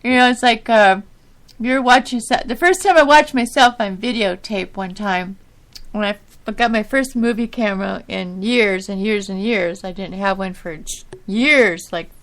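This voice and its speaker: A woman's voice: mid-range voice, normal speed, a bit bright. A middle-aged woman hosting her own podcast, talking casually and rambling with a girlish, sometimes whiny voice and frequent laughs. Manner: rambling, laughs often, self-deprecating. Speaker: podcast host. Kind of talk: casual solo talk.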